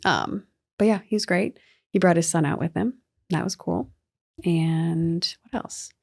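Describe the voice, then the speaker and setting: A young adult woman co-hosting a sports podcast, telling stories in a chatty, animated way with lots of fillers. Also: fairly low pitch, normal speed, vocal fry. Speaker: podcast co-host. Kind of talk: casual sports chat.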